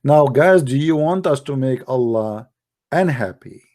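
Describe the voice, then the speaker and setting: A man's voice: mid-range voice, expressive, a little slow, warm tone. A man giving a mocking, sarcastic polemical monologue in broken English grammar. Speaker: religious debate commentator.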